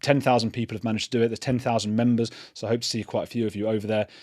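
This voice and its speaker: A man's voice: lowish voice, flat delivery, rapid-fire, a little mellow, no room sound, clean studio sound. A middle-aged man hosting his own channel, giving earnest spoken commentary and thinking aloud with restarts. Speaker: channel host. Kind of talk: casual commentary to camera.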